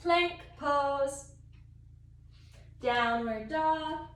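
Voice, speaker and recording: A young adult woman teaching a yoga class for children in a gentle, sing-song, playful way. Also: sits high, drawn-out words. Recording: echoey room, voice from far.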